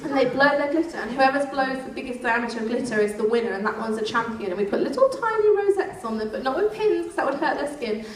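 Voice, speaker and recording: A woman's voice: high-pitched, animated, fast, few pauses, roomy sound. A woman performing whimsical live comedy storytelling to an audience, playful and teasing. Recorded on a distant phone in a noisy room.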